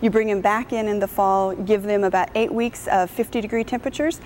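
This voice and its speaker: A woman's voice: mid-range voice, fairly even intonation, fairly quick, darkish tone, a little hiss or hum. A woman, a gardening expert, gives practical step-by-step plant care instructions in an interview. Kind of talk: interview answers.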